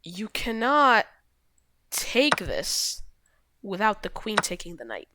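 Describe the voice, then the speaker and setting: A chess video host casually walks through game positions, rambling, correcting herself, and shrugging off mistakes in a loose, offhand way. Her mid-range voice is sing-song and slow, with some background noise.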